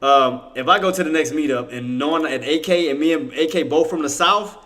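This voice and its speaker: Talking stocks on a livestream, this Cajun-accented man from Louisiana sounds casual and worked up, full of Southern expressions and frequent self-corrections. He's pitched fairly high and speaks a touch quickly.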